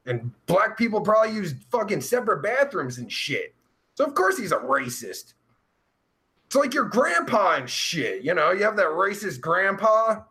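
A man's voice: high-pitched, pushed and bright. A young man hosting a live stream, reading out chat and answering in a rambling, profane, sarcastic way with groans and sighs.

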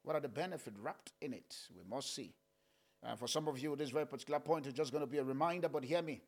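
A man preaching a sermon, swinging between loud calls and soft, low murmurs, with frequent "uh" fillers. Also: fast talker. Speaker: pastor.

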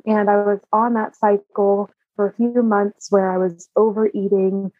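A woman's voice: mid-range voice, flat delivery, a little slow, no room sound, narrow, tinny audio. A woman guest candidly telling a personal story, open and emotional, often laughing. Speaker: interview guest.

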